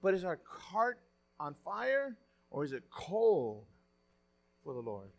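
A man's voice: sits high, huge pitch swings, slow pace, gravelly. A male pastor giving a sermon in a conversational way, often restarting his sentences as he retells a story. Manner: conversational preaching, with frequent restarts and retelling of stories.

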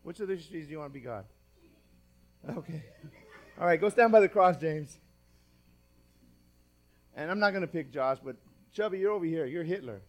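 A man preaching a sermon as pastor, reading scripture aloud with dramatic stress and swinging from loud emphatic lines to quiet asides. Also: on the high side, animated, normal speed, long pauses.

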